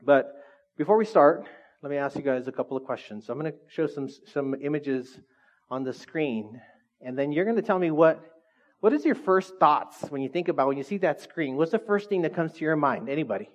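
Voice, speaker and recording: A man's voice: a little high, expressive, a little fast, dull audio. A man preaching a casual sermon as pastor, chatty and joking with the congregation.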